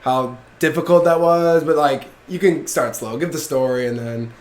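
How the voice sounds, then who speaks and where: A man's voice: a little high, moderate pace. Casual, swearing young male podcast host. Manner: loose, swears casually, laughs, many "like" fillers. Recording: echoey room.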